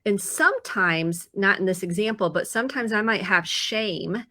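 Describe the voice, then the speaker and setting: A woman therapist on a live talk show, explaining calmly and earnestly and acting out her own self-talk to make a point. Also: medium pitch, moderate pace, dry recording. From Indiana, US. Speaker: therapist guest.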